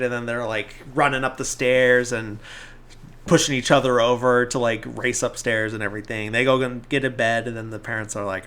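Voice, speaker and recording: A man's voice: mid-range voice, fairly even intonation, moderate pace, a bit bright, smooth. Casual man rambling through a recap. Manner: rambling, filler-heavy retelling with lots of "like"; briefly acts out characters' lines in the retelling. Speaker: podcast host.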